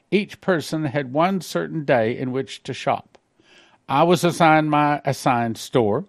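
A man pastor reading out a dream account and commenting on it in a sermon, slowing on key phrases and breaking into quick asides. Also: a little high, dry recording, studio quality. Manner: reads slowly, then comments in a quick aside.

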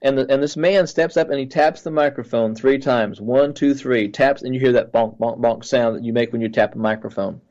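A male pastor earnestly recounts a dream at a middling pitch, often stopping and restarting his sentences. The audio is slightly muffled and dull. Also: a little mellow. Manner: earnest, halting, with frequent restarts.

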